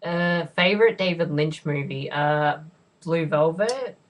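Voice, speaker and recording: A woman hosting a casual podcast, chatty and quick to laugh. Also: low voice. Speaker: podcast host. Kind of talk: casual chat.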